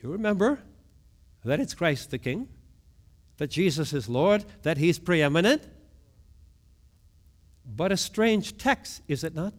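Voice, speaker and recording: Animated preaching man with lively pitch. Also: slow, long pauses. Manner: preaching with dramatic swings between soft low lines and raised outbursts; asks the congregation questions. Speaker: pastor. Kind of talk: sermon.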